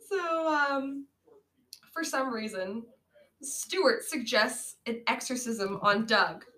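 A woman co-hosts a casual movie-review podcast, her bright, high voice drawling out a sarcastic recap. She laughs often and swears freely, and the amateur recording rings around an echoey room. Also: expressive, drawn-out words, pauses often. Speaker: podcast co-host.

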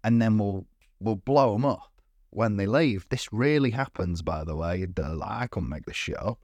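Brief: male podcast co-host, lowish voice, dry close sound, animated and profane film recap. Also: normal speed, dry recording. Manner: animated, swearing, puts on voices for film characters. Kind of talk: casual film recap chat.

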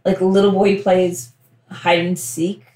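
A woman's voice: lowish voice, level tone, a little slow, darkish tone. A young woman co-hosting a podcast, chatting casually and rambling enthusiastically as she recommends things. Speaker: podcast co-host. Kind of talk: casual chat. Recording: roomy echo.

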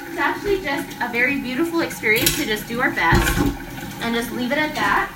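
A woman's voice: high voice, lively intonation, fairly quick, far from the mic, low-quality recording. A woman in her thirties talking casually about her day as a mother, rambling with many fillers, at home in her kitchen. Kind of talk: casual vlog monologue. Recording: home recording a bit away from the mic, loud kitchen clatter. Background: dishes and cutlery clattering.

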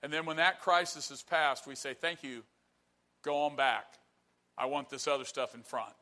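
A man's voice: on the high side, fairly even intonation, moderate pace, sharp tone. A man preaching a sermon, telling a story with earnest repetition for emphasis. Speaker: pastor.

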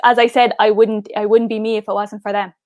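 A woman's voice: mid-range voice, flat delivery, brisk, a little mellow, no echo, clean studio sound. A young woman with an Irish accent, a guest in a casual interview, chatty and upbeat with lots of "like" and "I suppose". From Ireland. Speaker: interview guest, pageant finalist.

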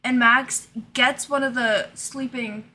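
Giggly high-voiced young woman. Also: fairly even intonation, takes it slowly, bright, forceful tone. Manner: giggly, keeps cracking up while retelling scenes. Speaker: co-host. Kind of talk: casual chat recapping a TV series.

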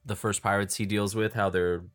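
A man co-hosting a casual podcast chat about films, musing in a chatty, drawn-out way with plenty of filler words. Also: fairly low pitch, little pitch movement, a bit bright, smooth. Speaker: podcast co-host.

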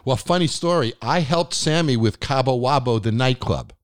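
A man's voice: mid-range voice, normal speed. A man hosting a casual interview and sharing his own story. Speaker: host.

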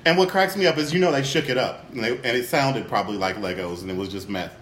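A man's voice: mid-range voice, fast talker, fairly bright tone, reverberant. A man hosting a casual chat, loose and laughing, rambling with lots of fillers. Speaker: podcast host.

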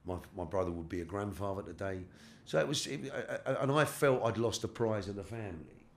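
A middle-aged London man with a very deep voice, telling his life story as an interview guest. He speaks haltingly and often stops to repeat his words. His talk is loose and full of street slang. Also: animated, a little hiss or hum. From London, England.

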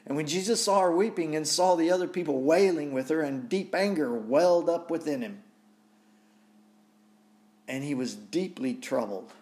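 A man's voice: a little high, animated, moderate pace, a little mellow. A man preaching a sermon, reading scripture aloud and reflecting on it with repeated rhetorical questions.

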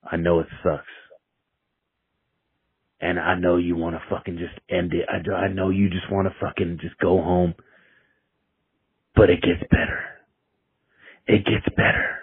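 A man voicing a calm male drill sergeant who quietly reassures a recruit in a low, near-whispered voice, heard over a dry, tinny, phone-like recording. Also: unhurried, husky. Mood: quietly reassuring.

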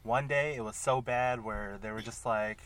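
A man's voice: medium pitch, fairly even intonation, normal speed, fairly bright tone, poor audio. A young man co-hosting a podcast in casual chat, laid-back with dry interjections. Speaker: podcast co-host.

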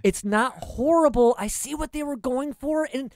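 A man's voice: extremely high pitch, moderate pace, no echo, studio quality. A man hosting a podcast, chatting casually with friends, rambling and laughing often. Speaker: podcast host. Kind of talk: casual chat.

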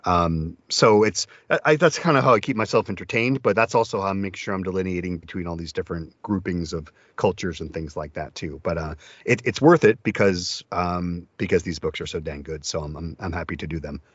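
A man's voice: low voice, brisk, hardly any pauses, fairly bright tone, slightly rough, no echo, lo-fi sound. A man who narrates audiobooks, talking in an interview with enthusiasm and many restarts. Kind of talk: casual interview talk.

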